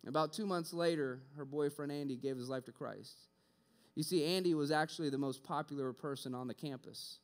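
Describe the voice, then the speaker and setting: A young man giving a sermon built on a personal story, animated, acting out both sides of conversations and often repeating words when excited. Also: fairly high pitch, fairly quick. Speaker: preacher.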